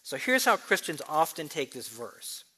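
A man preaching a sermon, explaining scripture with quick asides and slow, emphatic readings. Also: fairly high pitch, big pitch swings, bright, forceful tone, husky. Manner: expository teaching, shifts between brisk asides and slow emphatic reading.

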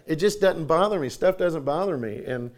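A man in his forties preaching a sermon in a folksy, animated storytelling way, often repeating himself for emphasis. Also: a little high, normal speed. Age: 40s.

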